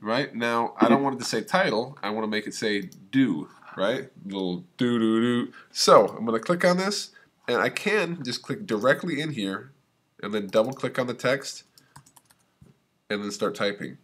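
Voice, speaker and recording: A man's voice: mid-range voice, lively intonation, normal speed, a bit bright. A man teaching a video editing class, talking through each click step by step in a casual way. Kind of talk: screen-recorded software tutorial.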